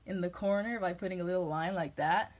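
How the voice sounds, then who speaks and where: In a casual chat, a woman from New England rambles and jumps from one tangent to the next. Her voice is fairly low and brisk, and the recording quality is poor.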